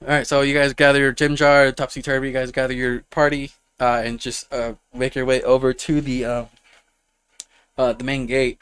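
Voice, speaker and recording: Smooth-voiced man narrating as game master. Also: mid-range voice, little pitch movement, moderate pace, a bit bright. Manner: rambling, filler-heavy narration. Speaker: dungeon master.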